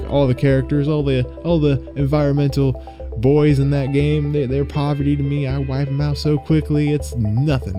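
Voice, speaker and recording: A young man hosting a casual solo gaming podcast, rambling, swearing freely and getting worked up as he vents. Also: medium pitch. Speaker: podcast host and streamer.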